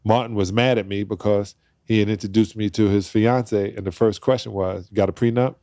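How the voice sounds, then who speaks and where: Lively storytelling man, low warm voice. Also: fairly quick, no echo, clean studio sound. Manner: acts out quoted voices, laughs while telling stories. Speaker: podcast guest. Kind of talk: animated storytelling in conversation.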